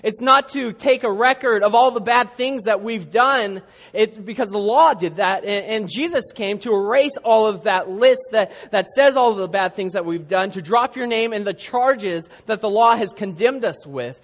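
A man preaching a sermon, praying earnestly and then telling a story with animated, earnest delivery. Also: high-pitched, moderate pace, long reverb tail. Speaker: pastor.

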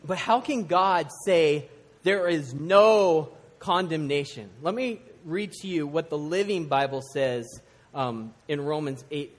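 A middle-aged man from the United States preaching a sermon to a church congregation, animated, swinging from loud emphasis to hushed intensity. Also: on the high side. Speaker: pastor. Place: church sanctuary. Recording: long hall reverb.

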